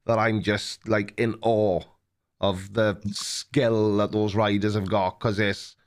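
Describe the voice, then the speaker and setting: This time the livestream host from Wales takes it slowly, his lowish voice flat in delivery, as he talks easily with a caller, tells stories, and laughs a lot.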